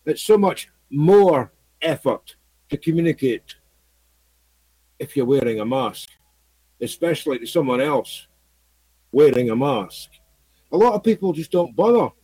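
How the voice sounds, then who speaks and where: A man's voice: a little high, sing-song, a little slow, long pauses, dark tone, breathy edge, no echo, low-quality recording. A man from Scotland talking to his viewers in a rambling, repetitive monologue full of fillers. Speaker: video blogger. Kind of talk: casual monologue to camera.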